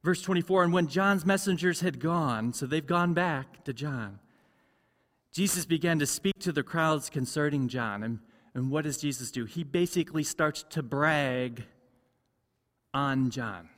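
A male pastor delivers an earnest sermon in a somewhat higher voice. He drives his points home by repeating key phrases. The voice rings out with a long church reverb. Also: measured pace, a bit bright. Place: large church sanctuary.

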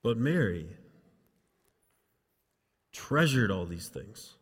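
A man preaching a sermon, reading scripture dramatically and dropping softly into asides, then leading a prayer. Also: lowish voice, sing-song, drawn-out words, husky, long reverb tail. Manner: dramatic reading, rising loud for quotes, dropping soft for asides. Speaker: pastor.

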